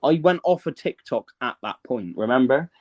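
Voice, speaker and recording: A man talks through his story as a guest on a casual live stream, with a mid-pitched voice. He rambles and hesitates, and keeps asking whether you follow him. The audio is dull and lo-fi. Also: lively intonation, moderate pace, darkish tone. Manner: rambling, hesitant, often checks the listener follows.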